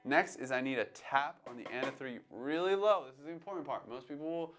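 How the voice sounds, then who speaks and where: A man teaching jazz drumming, calmly coaching and counting beats aloud between demonstrations. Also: mid-range voice, fairly quick, faint music behind. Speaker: drum teacher. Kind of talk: instructional demonstration. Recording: drums playing behind the voice. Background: drum playing between phrases.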